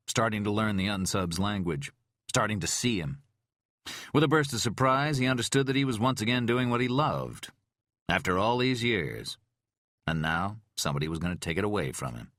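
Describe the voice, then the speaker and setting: A man narrating a thriller audiobook in an expressive, tense way. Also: low-pitched, normal speed, no room sound, clean studio sound.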